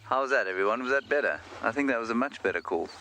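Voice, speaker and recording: A man's voice: medium pitch, animated, very fast, pushed and bright. A man guiding a live safari drive, joking and chatting with viewers in a self-mocking way. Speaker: safari guide presenting a live game drive. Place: outdoors in the bush. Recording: outdoor field mic with clear nature noise.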